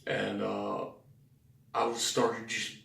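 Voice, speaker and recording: A Southern US man tells his own story to the camera in a low, unhurried, fairly monotone voice. He is blunt and profane and rambles with plenty of fillers. The mic sits some way off in an echoey room. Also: gravelly. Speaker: vlogger telling his story. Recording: roomy sound from a distant mic.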